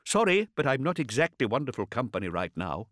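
A man voicing a tense, defensive young male imagist who talks loudly and in clipped bursts. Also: medium pitch, sing-song, brisk, no echo, studio quality, voice pushed up. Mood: agitated. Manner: agitated, loud and clipped.

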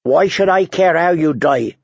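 A man voicing a stubborn, earnest young female knight in a stiff, indignant manner, with a gravelly voice. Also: fairly high pitch, unhurried, dry recording, voice pushed up. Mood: cold. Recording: dull dry lo-fi recording.

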